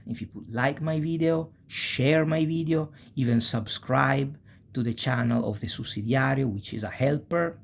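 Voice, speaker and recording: A man teaching a video language lesson. He pronounces example words slowly and often checks in with the listener with short "eh?" or "okay?" tags. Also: medium pitch, vocal fry, a little mellow, husky. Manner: says Italian example words slowly and deliberately.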